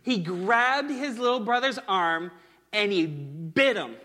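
A man's voice: high-pitched, lively intonation, slow pace, sharp tone, long reverb tail. A man in his thirties preaching a sermon in an earnest, conversational way, mixing scripture with stories from home. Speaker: pastor.

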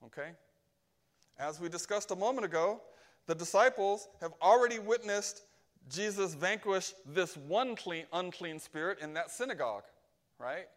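Casting: high-pitched male preacher, emphatic sermon delivery. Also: animated, normal speed. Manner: emphatic, keeps asking "right?".

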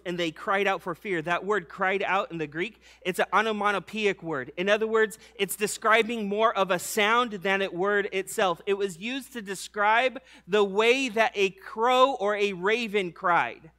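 A man preaching a casual sermon, slangy and conversational, telling the story with animated acted-out bits. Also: high voice, unhurried, hardly any pauses.

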